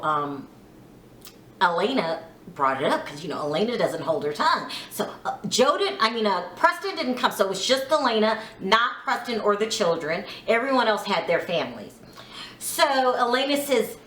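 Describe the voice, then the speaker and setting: Lively, outspoken woman recapping TV. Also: mid-range voice, echoey room, slight background noise. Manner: frank, opinionated, mildly profane; animated, acts out quotes. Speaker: reality TV recap vlogger. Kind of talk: casual spoken TV recap.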